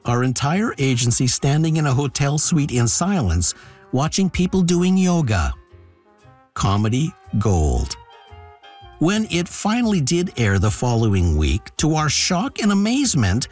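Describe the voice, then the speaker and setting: A man tells a personal story with a dry, wry sense of humor. His pitch swings widely from line to line, and his voice has a husky edge. Faint music plays underneath. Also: darkish tone.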